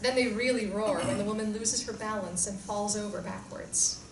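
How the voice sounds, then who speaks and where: A woman narrates the stage directions of a screenplay in a clear, measured read at a middle pitch. The sound is roomy and distant, with noise clearly heard behind. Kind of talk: screenplay reading.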